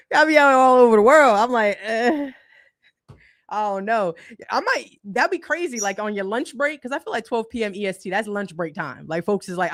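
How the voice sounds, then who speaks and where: A woman's voice: mid-range voice, no echo. Casual woman livestream host, dry close sound. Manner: conversational, colloquial, laughs often.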